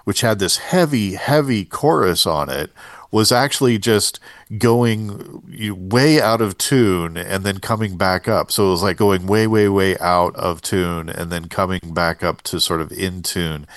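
Deep-voiced man explaining audio effects. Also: measured pace, no room sound, studio quality. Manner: explains technical points step by step. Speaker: podcast co-host. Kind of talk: casual explanation.

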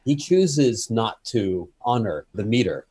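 A man co-hosting a casual discussion, pushing back with animated arguments about rhythm and stress. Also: fairly low pitch, slow pace, crowd noise. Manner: argumentative, animated, explains stresses with sweeping emphasis. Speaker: podcast co-host. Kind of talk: casual debate.

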